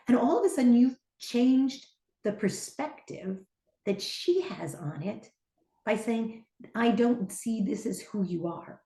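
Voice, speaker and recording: A middle-aged woman teaching on a podcast, an animated storyteller who acts out the voices she quotes. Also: medium pitch, measured pace. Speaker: podcast guest, teacher and trainer. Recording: echoey room.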